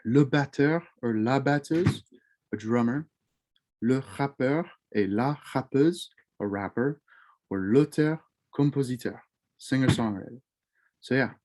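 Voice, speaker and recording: Relaxed man teaching French vocabulary. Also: medium pitch, measured pace, long pauses. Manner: relaxed, repeats each French word then glosses it in English; loose delivery with frequent ums and self-corrections. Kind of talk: casual recorded lesson.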